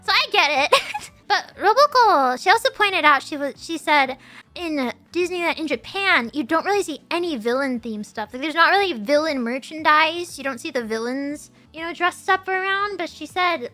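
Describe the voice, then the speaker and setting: A woman's voice: high-pitched, animated, moderate pace, bright, forceful tone. A young adult woman streamer chatting casually, bubbly and rambling, often giggling.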